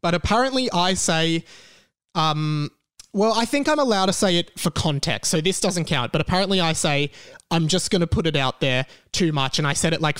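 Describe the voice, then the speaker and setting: A man's voice: a little high, fairly bright tone, clean tone, dry recording. Rambling young Australian man hosting a podcast. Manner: rambling and self-correcting, with many fillers. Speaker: podcast host. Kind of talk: casual solo podcast chat. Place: bedroom in a share house.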